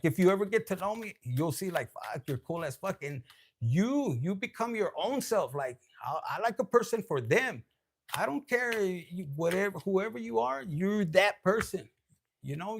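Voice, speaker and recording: A man giving a casual tarot reading, loose and profane, dropping Spanish slang and laughing often. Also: sits high. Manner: laughs often, switches between loud and hushed. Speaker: tarot reader.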